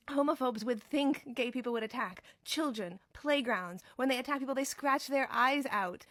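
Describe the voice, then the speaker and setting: A woman's voice: mid-range voice, no echo. A woman giving tongue-in-cheek film commentary in a wry, playful and emphatic way.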